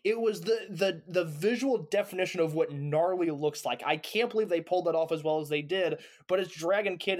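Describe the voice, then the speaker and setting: A man co-hosting a podcast, talking enthusiastically and rambling, often restarting sentences. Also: a little high. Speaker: podcast co-host. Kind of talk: casual chat, wrestling review.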